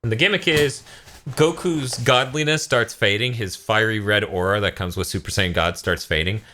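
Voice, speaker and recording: A man's voice: moderate pace, slight background noise. A man co-hosting a podcast, recapping an anime episode in casual chat, swearing freely and acting out the characters. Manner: animated retelling, jumps into high squeaky voices for quoted characters, swears freely. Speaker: podcast co-host.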